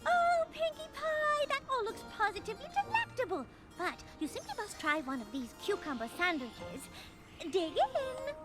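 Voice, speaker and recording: A posh, theatrical cartoon unicorn. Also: female voice, extremely high pitch, sing-song. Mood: genteel. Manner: refined, theatrical, drawn-out vowels. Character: posh, dramatic, fashionable female unicorn. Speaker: cartoon character and narrator. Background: loud cartoon music.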